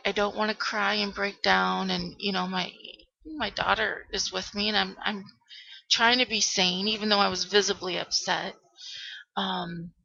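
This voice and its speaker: A middle-aged woman vlogging to her webcam, retelling a frightening day in a halting way, full of ums and restarts. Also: mid-range voice, gravelly, bright, forceful tone, highs cut off. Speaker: vlogger telling a personal story. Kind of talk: emotional personal storytelling to camera.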